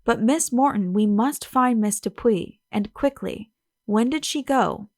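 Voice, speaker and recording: A woman reading as a brisk young gentleman sleuth. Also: a little high, no echo, studio quality. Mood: urgent.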